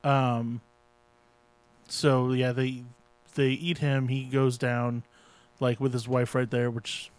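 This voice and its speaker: A man co-hosting a casual chat, tossing in dry jokes and setting the record straight on details. He talks at a middle pitch. The sound is close and dead, with no room around it. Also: level tone, slow, clean tone, no room sound, poor audio. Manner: dry wisecracks, corrects others.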